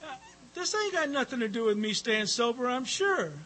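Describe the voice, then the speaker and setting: A man's voice: very high-pitched, big pitch swings, moderate pace, bright, forceful tone, rough recording. A man giving a rambling personal talk at a recovery meeting, with frequent fillers and some profanity.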